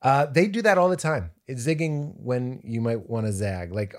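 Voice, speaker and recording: Animated storytelling man. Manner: animated, quick storyteller with bursts of high-pitched impressions. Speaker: comedian guest. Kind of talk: podcast conversation, storytelling.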